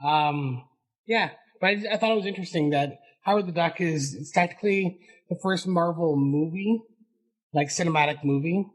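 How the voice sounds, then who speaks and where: A man with a fairly high voice chats loosely on a podcast. He tells long, rambling stories and breaks into laughter often. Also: moderate pace, rough recording. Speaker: podcast host. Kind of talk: casual podcast chat.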